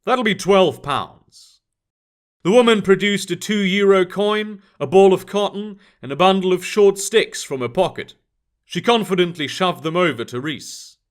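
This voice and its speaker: A man narrating an urban fantasy story in an expressive scripted reading. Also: sits high, moderate pace.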